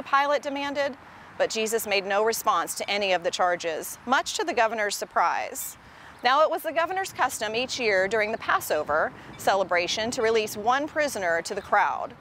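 A woman reading a devotional passage from the Bible aloud outdoors in front of a city hall, in a measured, expressive way. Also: on the high side, a little hiss or hum. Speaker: scripture reader.

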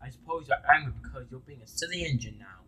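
A man's voice: medium pitch, animated, fast talker, bright, forceful tone, husky, full character voice, poor audio. A man voicing a proud, huffy male train engine in a fan-made story, talking indignantly and stumbling over his words.

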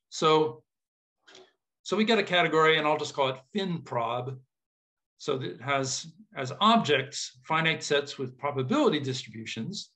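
A man's voice: mid-range voice, bright, forceful tone. A man giving an informal mathematics lecture, thinking aloud with casual asides and checking that his audience follows.

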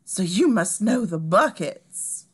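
Eine Frau, die eine tratschende, snobistische Erbin mit dickem Südstaatenakzent in einer komödiantischen Lesung spricht. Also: female voice, mid-range voice, animated, slow, husky. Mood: gossipy, gushing. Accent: Southern US. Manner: chatty, affected, gossipy. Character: gossipy, snobbish Southern heiress, woman. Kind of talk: comedic table read.

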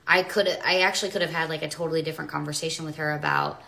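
A woman with a very bright, forward voice talks on a livestream. She is a mother who rambles and justifies herself, and she often breaks off and restarts her sentences. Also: sits low, fairly even intonation, rapid-fire, creaky. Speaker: mother and social media seller. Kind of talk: rambling live stream monologue.

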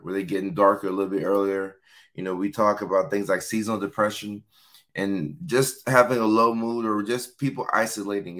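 A man hosting a casual live-stream talk, a little hoarse, chatting and reading out viewer comments. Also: on the low side, a bit bright. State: hoarse from yelling. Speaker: host.

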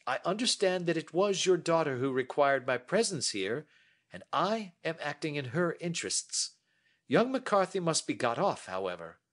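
A man voicing a calm, clever male detective who speaks in a measured, gentle and grave way. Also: on the high side, pitched above the performer's own voice. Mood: reassuring.

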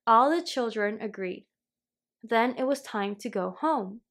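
Slow, expressive woman reading a storybook. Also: on the high side. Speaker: storybook reader. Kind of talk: children's story read-aloud.

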